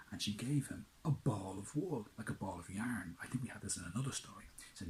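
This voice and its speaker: A man tells a children's tale in a low, hushed voice. He builds drama by dropping into whispers and then rising for the big moments. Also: a little fast, few pauses, slight background noise, poor audio. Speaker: storyteller. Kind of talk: children's storytelling.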